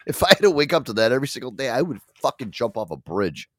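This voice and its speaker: A man's voice: mid-range voice, sing-song, fast talker, a bit bright, no room sound, studio quality. A man hosting a podcast in casual chat, rambling, swearing freely and laughing often. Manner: crude, rambling, laughs a lot. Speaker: podcast host.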